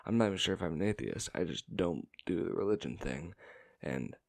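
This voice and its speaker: A man casually telling a family story, rambling and halting, with fillers and swearing. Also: sits low, animated, vocal fry, a little mellow. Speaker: storytime vlogger.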